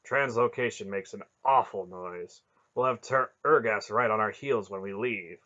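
A man reading an audiobook, voicing an older male sorcerer who speaks in a measured, cautious way. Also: fairly low pitch, bright, forceful tone, highs cut off.

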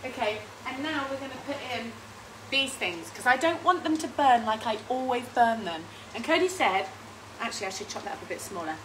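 Chatty high-voiced woman cooking. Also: lively intonation, a little fast, few pauses, slight background noise, rough recording. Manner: chatty and rambling, often laughing, reading out viewer comments. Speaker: host of a home cooking stream. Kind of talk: casual live-stream chat while cooking. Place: home kitchen.

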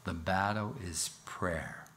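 In church, a male pastor gives an expository sermon in an earnest tone, posing rhetorical questions and reading scripture with a rising, emphatic delivery. His voice is low-pitched, slow, and a bit bright. There is slight background noise.

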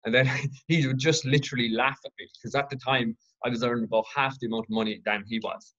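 A man from Ireland hosting his own podcast, telling a personal story in an earnest, reflective, halting way. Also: mid-range voice, fairly even intonation, a bit bright, dull audio. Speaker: podcast host.

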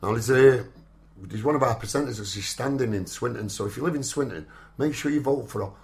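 A man's voice: mid-range voice, a little fast. A man with a Salford accent hosting a community radio show in casual chat, with lots of "do you know what I mean". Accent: Salford, Northern English. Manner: chatty, working-class Northern speech with "innit" and "do you know what I mean".

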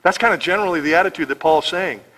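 A man's voice: high-pitched, fast, bright, forceful tone, poor audio. A man with an American accent preaching a verse-by-verse sermon as pastor, emphatic and sarcastic, firing rhetorical questions. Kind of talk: expository sermon.

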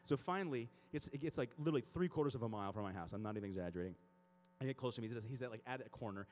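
A man speaking at a youth conference, telling comic stories and acting out scenes in an animated way. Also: medium pitch, very fast.

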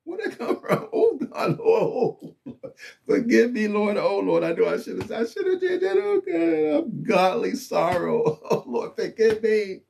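A man putting on a high, pleading penitent. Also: very animated, unhurried, vocal fry, darkish tone, heavily acted. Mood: pleading remorse. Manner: high, breathless pleading with laughs. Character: remorseful believer, adult, pleading and shaken.

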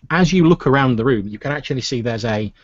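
A man running a tabletop role-playing game as game master, narrating in a relaxed, hesitant way with many fillers. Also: medium pitch, fast talker, dry recording. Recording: dull lo-fi recording.

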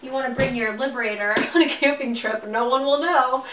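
A woman's voice: high voice, fairly quick, far from the mic. A young woman chatting casually through an unboxing vlog at home, gushing and giggly. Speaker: vlogger. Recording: roomy, off-mic, faint hiss.

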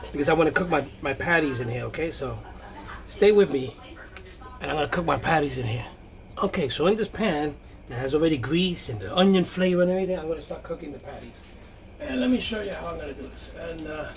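A man's voice: on the high side, gravelly, noisy background. A man hosting a home cooking video, chatting casually and thinking aloud as he works in his kitchen. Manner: chatty, thinks aloud, frequent okays and restarts.

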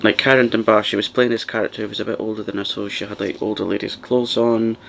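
Gravelly soft-spoken man, rambling ASMR chat. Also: fairly low pitch, flat delivery, quick pace, slight background noise. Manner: rambling, soft, partly whispered. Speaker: ASMR channel host.

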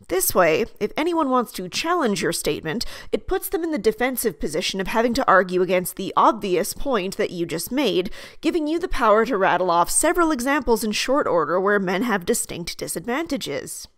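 A woman hosting her own video essay, reading a measured, articulate scripted commentary. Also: medium pitch, sing-song, no echo, studio quality.

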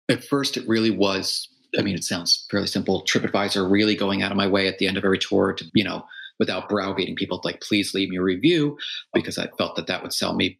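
A man's voice: sits low, gravelly, sharp tone, poor audio. A man, a tour business owner, telling his story in a casual podcast interview and acting out what his friends said. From United States. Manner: earnest storytelling, acts out quoted friends.

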